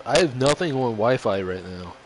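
A man's voice: mid-range voice, lively intonation, normal speed. Young man streaming with hiccups, noisy. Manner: groaning, coughing, hiccuping. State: hiccups, nauseous. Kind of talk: casual gaming banter. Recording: noisy home stream audio.

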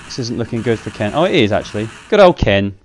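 A man giving casual, self-mocking commentary while playing a fighting game, with excitable outbursts. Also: lowish voice, fast, slight background noise. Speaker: gaming channel host.

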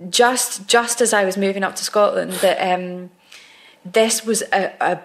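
A woman of middle pitch talks candidly about her work, circling back with restarts as she builds each anecdote. Her delivery is loose and conversational. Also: steady tone, unhurried. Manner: candid storytelling, frequent restarts. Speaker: actress, podcast guest. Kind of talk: casual conversation.

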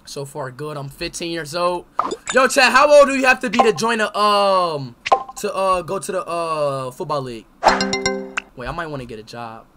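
A young man streaming a game live, talking to himself and his chat, swinging between loud yelling and quiet muttering. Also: fairly high pitch, lively intonation, moderate pace. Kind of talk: live gameplay commentary. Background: loud music.

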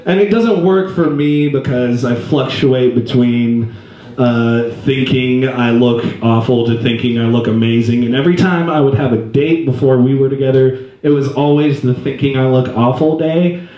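A man's voice: medium pitch, moderate pace, warm tone, muffled recording. A man in his twenties doing stand-up comedy in a live venue, rambling and self-deprecating, jumping into voices. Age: 20s. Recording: roomy stage sound.

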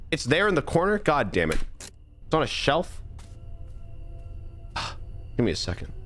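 A man with a Californian accent giving live commentary as he plays a game, animated and incredulous, often repeating words and restarting sentences. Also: fairly high pitch, unhurried, pauses often, faint music behind. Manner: rambling, restarts and stammers. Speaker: streamer.

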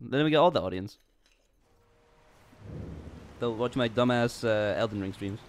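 Speaking at a measured pace in a medium-pitched voice, a young streamer rambles goofily through casual game livestream chat. He mocks himself and stammers into restarts, with slight background noise and jazz faintly audible.

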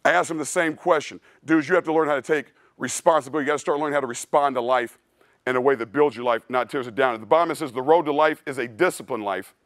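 A man's voice: mid-range voice, fast, fairly bright tone, no room sound, clean studio sound. A male strength coach giving a blunt, preachy clinic talk in a casual way, often calling listeners "dude". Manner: casual, says "dude" a lot. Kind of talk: clinic presentation.

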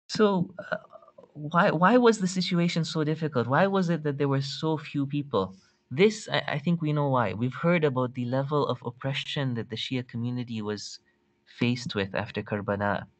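There's no echo on this recorded religious studies lecture, where the male instructor speaks with a medium-pitched voice. He retells a story and quotes Arabic texts, with lots of restarts and repeated words.

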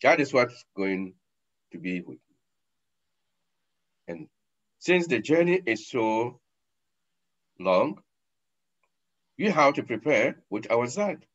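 A man, a sheikh giving a sermon, acting out scenes with sudden loud and soft turns, on a dull lo-fi recording. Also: medium pitch, big pitch swings, takes it slowly, long pauses. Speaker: sheikh, lecturer.

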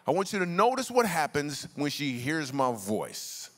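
In a big church hall, a man preaches a comedic guest sermon, relaxed and bantering with the congregation. His slightly high voice swings widely in pitch and he takes an unhurried pace. Long hall reverb and a faint hiss or hum color the live recording.

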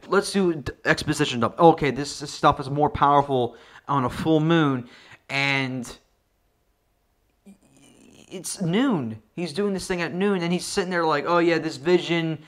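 Sarcastic high-voiced man ranting. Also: bright, forceful tone. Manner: sarcastic, profane, riffing. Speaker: online video reviewer. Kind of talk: comedic movie review rant.

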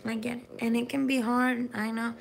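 A young woman chatting excitedly on a live stream, dropping into whispers now and then. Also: fairly high pitch, normal speed, vocal fry, a little hiss or hum. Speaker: singer doing a live Q&A stream. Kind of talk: casual live-stream chat.

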